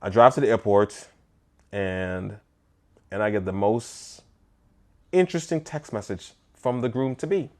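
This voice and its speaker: A man, a photographer, telling a story in a casual storytime vlog, animated and conversational with bits of mock disbelief. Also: on the low side, unhurried, long pauses.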